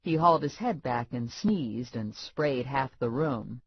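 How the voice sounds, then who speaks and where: Woman reading an audiobook first person, wry and deadpan, husky, dry dull audio. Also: extremely low pitch, measured pace, hardly any pauses, no echo. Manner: wry, expressive, deadpan asides. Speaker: audiobook narrator. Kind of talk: first-person scripted narration.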